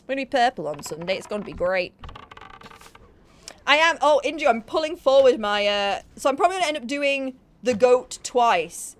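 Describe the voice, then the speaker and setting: A woman's voice: high-pitched, expressive, moderate pace. A young woman chatting casually on a live gaming stream, bubbly and self-mocking.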